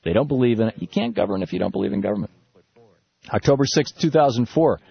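A man hosting a political talk radio show from a studio, speaking in an animated, indignant way with many restarts. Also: mid-range voice, quick pace, creaky, slightly rough, dry recording. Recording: dull, slightly lo-fi radio broadcast.

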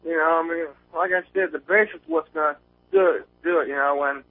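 A man calls in from outside, talking nervously and circling back on himself with constant fillers and restarts. His somewhat high voice arrives over a thin, tinny phone line. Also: fairly quick, creaky. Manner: rambling, many fillers and restarts. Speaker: caller. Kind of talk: nervous call-in chat. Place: outdoors on a windy day.

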